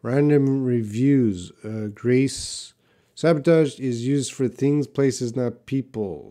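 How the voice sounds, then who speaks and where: A man with a medium-pitched, dark voice teaches English in a live question-and-answer class, taking things slowly. He reads out comments from viewers and explains them patiently, offering short example sentences.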